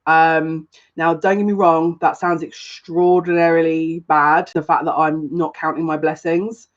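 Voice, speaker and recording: A woman's voice: low voice, flat delivery, measured pace, muffled recording. Chatty woman psychic on a live stream. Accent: noticeable accent, complimented by viewers. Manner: chatty, rambling, greets viewers by name. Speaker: psychic reader. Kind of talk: live-streamed chat with viewers.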